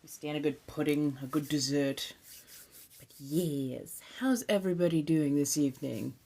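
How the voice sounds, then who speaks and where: This low-pitched woman, an ASMR streamer with a Californian accent, chats at a moderate pace on a live stream. She's laid-back and swears freely, and every so often her voice softens into whispers.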